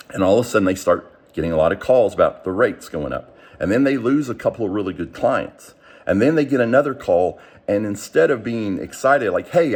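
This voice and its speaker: A deep, slightly husky male voice. He teaches like a mindset coach, earnest and explanatory, and he often breaks off and restarts his sentences as he works through an idea. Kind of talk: motivational teaching talk.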